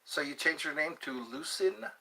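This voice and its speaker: Lively, bright-voiced man in his fifties. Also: fairly high pitch, moderate pace, gravelly, slightly rough, rough recording. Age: 50s. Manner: reads viewer comments aloud and chats back to them; playful, jokey. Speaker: live stream host. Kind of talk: casual live-stream chat.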